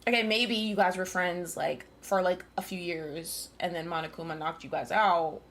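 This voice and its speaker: A woman streamer with a lowish, fairly bright voice reads a visual novel aloud at normal speed, keeping a steady tone. She chats casually, sarcastic and heavily profane, with game music playing beneath her.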